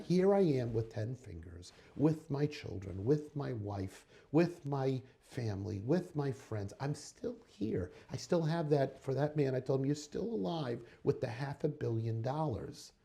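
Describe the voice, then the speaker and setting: Deep, gravelly-voiced man giving earnest advice. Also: sing-song, a little slow, few pauses, warm tone. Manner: earnest, insistent, repetitive phrasing. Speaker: motivational speaker. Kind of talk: retelling a conversation as a life lesson.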